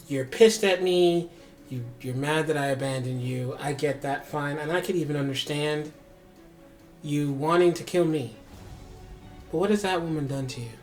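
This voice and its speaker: A man's voice: fairly high pitch, measured pace, faint music behind, natural voice. A man voicing an older rogue who stands up to his angry son, firm and defiant.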